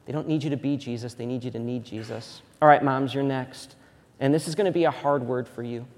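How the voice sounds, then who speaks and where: A man in his thirties preaching a sermon as a pastor, moving between loud emphatic preaching and quiet, hushed storytelling. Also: mid-range voice, fairly quick, big-room sound. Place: church sanctuary.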